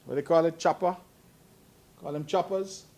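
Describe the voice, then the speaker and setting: With a voice on the high side, darkish in tone and touched by vocal fry, a middle-aged head of government speaks at a moderate pace with fairly even intonation. His press conference remarks are earnest and admonishing, turning emphatic.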